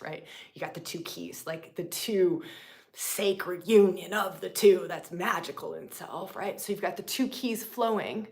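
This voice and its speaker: A woman leading a spiritual teaching session live, swinging from loud, emphatic, profane lines to hushed whispers and repeating phrases for effect. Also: fairly low pitch, normal speed, vocal fry. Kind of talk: impassioned spiritual teaching on a livestream.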